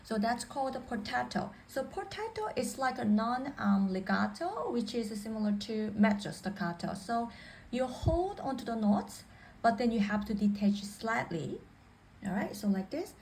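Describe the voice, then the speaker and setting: A woman with a higher, slightly mellow voice teaches piano technique at a normal speed, her pitch swinging widely. She's patient, repeating and rephrasing each point. The rough recording carries a little hiss or hum, with faint piano playing in the background.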